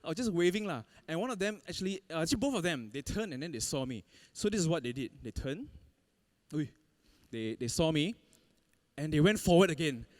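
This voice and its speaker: Male preacher, lively storytelling sermon, fairly high voice. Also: brisk. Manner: animated storytelling, laughs often, acts out quotes. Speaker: pastor.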